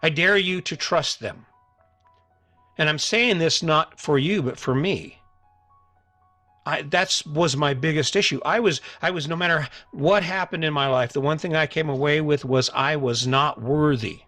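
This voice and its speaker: Addressing listeners in a motivational solo monologue, this middle-aged podcast host is earnest and conversational, repeating himself and frequently starting over. His voice is on the high side, sharp in tone and unhurried, with faint music in the background.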